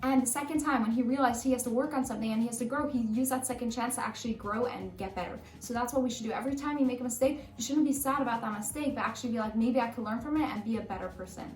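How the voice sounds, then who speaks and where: High-voiced woman telling a story. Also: racing, few pauses. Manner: casual, lively, chatty retelling. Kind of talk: storytelling with a lesson. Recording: roomy echo, distant mic, faint music.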